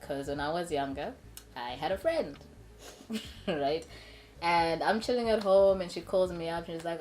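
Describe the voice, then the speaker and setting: A woman's voice: on the low side, moderate pace, a little mellow, faint music behind. A young adult woman co-hosting a casual chat, telling a story animatedly with frequent laughter and many "right?"s. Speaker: co-host.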